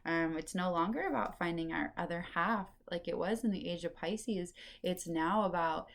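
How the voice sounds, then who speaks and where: A woman's voice: fairly low pitch, moderate pace, vocal fry. A woman hosting a casual solo spirituality podcast, chatty and meandering, with lots of fillers. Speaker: podcast host and intuitive reader.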